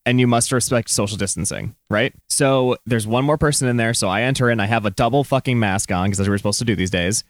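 Co-host, man, exasperated storyteller, middle pitch, dry. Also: fast, few pauses, dry recording. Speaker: podcast co-host. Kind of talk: casual chat.

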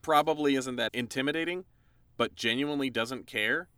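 A man's voice: mid-range voice, normal speed, pushed and bright, smooth, no echo. A man playing in a tabletop role-playing game, talking casually with hesitant restarts. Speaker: player.

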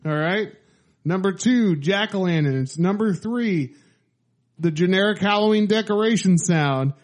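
Man, casual podcast host, high-pitched, slow-paced, laughing, faint music behind. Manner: laughs often, mock announcer delivery. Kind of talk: casual chat, reading out list.

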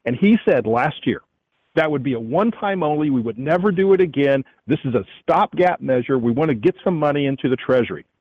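Husky emphatic economist on a muffled line. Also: male voice, medium pitch, expressive, fairly quick, no echo. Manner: emphatic, indignant, repeats the host's name. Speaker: economist guest. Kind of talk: radio interview. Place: airport, calling in while traveling.

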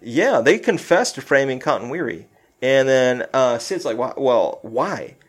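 A man's voice: mid-range voice, very animated, unhurried. A man chatting casually about a film's final scene, acting out the characters' lines, swearing and laughing as he goes. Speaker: podcast co-host recapping a film. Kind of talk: casual chat.

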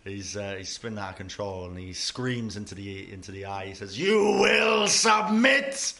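A man's voice: low-pitched, flat delivery, a little fast, slight background noise. A man acting as game master, narrating a tabletop game in a casual, joking way. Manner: casual, jokey, switching into loud villain shouts.

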